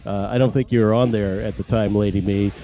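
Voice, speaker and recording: A man's voice: fairly low pitch, steady tone, fairly quick, mellow, muffled recording, slight background noise. A man hosting a casual podcast, rambling with many fillers and laughing at himself. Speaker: podcast host.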